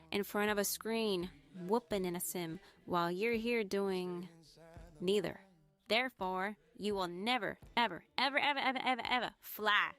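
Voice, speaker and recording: A woman's voice: mid-range voice, fairly bright tone. A woman lecturing insistently and repeating herself for emphasis.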